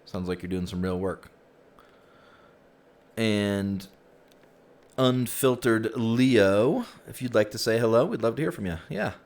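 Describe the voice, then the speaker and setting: A man's voice: lowish voice, moderate pace, creaky, pauses often, a little mellow. A man hosting a virtual reality group session in a casual, easygoing way, chatting with frequent fillers, speaking through a headset mic.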